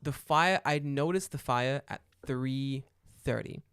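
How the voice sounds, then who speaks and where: A man, a podcast co-host telling a story in casual chat, animated and profane, acting out the dialogue loudly. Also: mid-range voice, slow pace, clean tone, no echo, studio quality.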